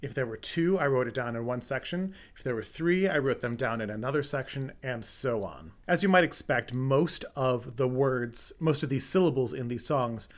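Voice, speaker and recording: A man's voice: medium pitch, lively intonation, normal speed, hardly any pauses. A young adult man hosting a music theory lesson, explaining step by step and now and then singing short examples. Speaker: music theory video host.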